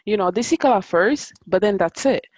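A woman who grew up in Italy, chatting casually as a podcast co-host and telling animated stories. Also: medium pitch, brisk, dry recording. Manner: animated storyteller, acts out quoted voices. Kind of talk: casual chat. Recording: dull, dry close-mic sound.

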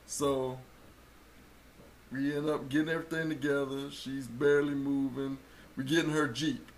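A man telling a story in casual chat, acting out quotes and rising to loud bursts. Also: medium pitch, little pitch movement, moderate pace, slight background noise. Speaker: co-host telling a birth story.

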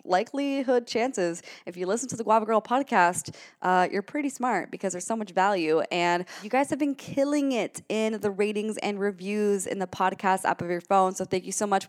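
A young adult woman talks through a solo podcast intro in a bubbly, casual way. She jokes around and her energy keeps jumping up with excitement. Her voice sits at an ordinary middle pitch for a woman. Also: normal speed. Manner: bubbly, chatty, with playful jokes and bursts of excitement. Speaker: podcast host.

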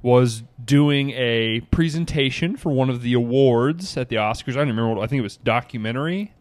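A man co-hosting a casual talk show, retelling events in an animated, emphatic way. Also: medium pitch, fairly quick. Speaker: podcast co-host. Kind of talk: casual chat.

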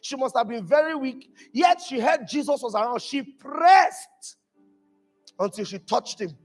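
A pastor preaching a sermon to his church, emphatic and animated, rising to shouted peaks. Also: extremely high pitch, unhurried, in a large hall, faint music behind. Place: church hall.

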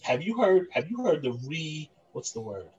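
A man guesting on a casual online hip-hop chat. His voice sits a little higher than most men's. He talks with enthusiasm, rushing his points out in quick bursts. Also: very animated, a little mellow, dull audio.

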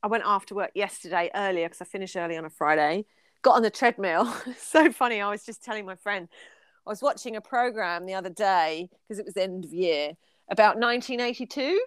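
Chatty woman with a smooth voice. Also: mid-range voice, fairly quick, no room sound. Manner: chatty, laughs often, sings snatches of songs. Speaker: podcast co-host. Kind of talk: casual chat.

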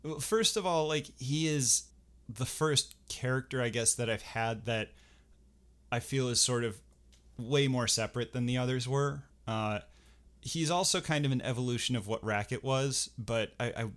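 A man who performs as a furry appears as a guest in a casual podcast conversation, speaking at normal speed in a mid-range, fairly bright voice. He restarts his sentences often and has a dry, self-deprecating humor.

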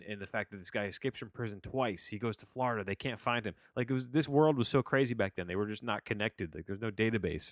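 A man's voice: on the low side, a bit bright, no room sound, clean studio sound. A man hosting a podcast, reviewing movies in loose, rambling chat full of restarts, self-corrections and offhand swearing.

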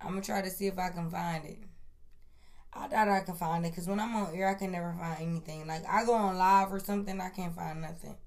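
A woman's voice: lowish voice, brisk. Foul-mouthed woman podcast host. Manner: profane, lively, laughing. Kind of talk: casual news chat. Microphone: iPhone.

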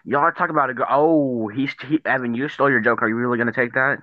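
A man's voice: mid-range voice, fairly even intonation, fast, no echo, lo-fi sound. A teenage boy in crude casual banter with friends, teasing and singing silly chants. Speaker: friend in group chat.

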